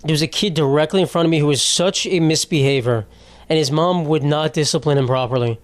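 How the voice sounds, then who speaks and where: A man hosting a comedy podcast in a somewhat high voice, rambling through profane stories and laughing at his own jokes. The sound is close and dry. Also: fairly quick, dry recording. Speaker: podcast host.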